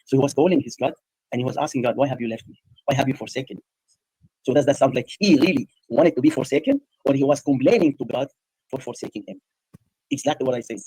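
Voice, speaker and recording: A man talks quickly in a husky voice, firing repeated pointed questions at his opponent. The sound is dry and close, with no room around it. He builds his case one point at a time and insists on answers. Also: mid-range voice, warm tone, no room sound, rough recording. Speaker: debater. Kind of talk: debate questioning from a played clip.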